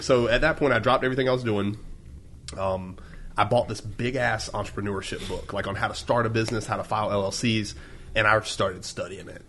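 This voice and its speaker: A man's voice: lowish voice, fairly even intonation, brisk, fairly bright tone, a little hiss or hum. A young man, a guest on a podcast, eagerly telling his story in casual chat with lots of ums and likes. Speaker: podcast guest, store owner.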